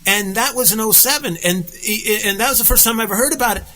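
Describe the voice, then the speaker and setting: A man's voice: high-pitched, rapid-fire, poor audio. A man co-hosting a casual talk show, telling stories animatedly and acting out the quotes. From United States. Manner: animated storyteller, acts out quotes. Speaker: podcast co-host. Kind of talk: casual political chat.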